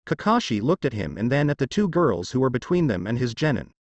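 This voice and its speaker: A man narrating a fanfiction story in a steady storytelling read. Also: mid-range voice, fairly quick, no room sound, lo-fi sound. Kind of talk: fanfiction reading.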